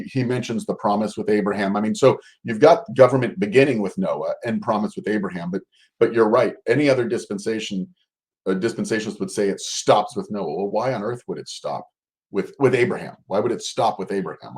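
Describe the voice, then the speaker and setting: A man, a guest scholar, explaining ideas in conversation, halting often and restarting his sentences. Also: on the low side, a little mellow.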